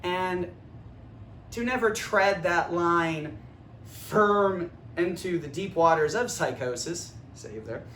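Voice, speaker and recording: A man with a high voice gives a rambling, energetic monologue, swearing freely as he goes. He records on his phone in a room. The room echoes, and faint noise sits underneath. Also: slow. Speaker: vlogger. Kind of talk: casual philosophical monologue. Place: indoor room.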